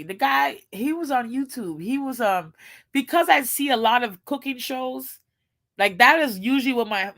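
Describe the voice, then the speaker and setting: Bright, gushing woman chatting casually. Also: on the high side. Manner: animated and expressive, gushing, exclamations; informal slangy speech. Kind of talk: casual chat.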